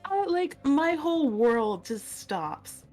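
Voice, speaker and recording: Young woman, giggly animated storyteller, higher voice, faint music behind. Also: takes it slowly. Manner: giggly, animated, acts out her own story. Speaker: interview guest, virtual streamer. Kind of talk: casual storytelling.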